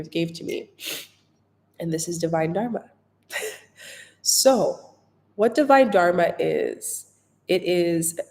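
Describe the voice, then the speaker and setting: A woman's voice: fairly low pitch, a little mellow. Rambling spiritual woman in reverberant room. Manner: dreamy, rambling storyteller with frequent laughs and "like" fillers. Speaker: spiritual healer and retreat guide. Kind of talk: casual livestream chat.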